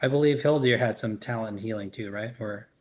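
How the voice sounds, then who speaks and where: A man playing a tabletop role-playing game, thinking aloud with many pauses and fillers. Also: lowish voice. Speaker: player.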